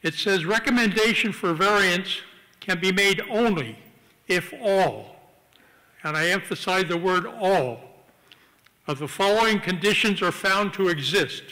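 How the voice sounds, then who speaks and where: High, bright man reading code aloud. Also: normal speed, big-room sound, low-quality recording. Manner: earnest, reads from code book. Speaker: public commenter. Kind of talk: public hearing testimony. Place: council chamber.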